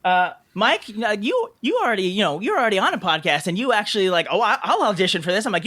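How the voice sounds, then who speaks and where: Man hosting a podcast over a remote call, chatty and quick to laugh, pitch jumping around a lot. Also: big pitch swings, sharp tone. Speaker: podcast host. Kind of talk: casual video-call chat.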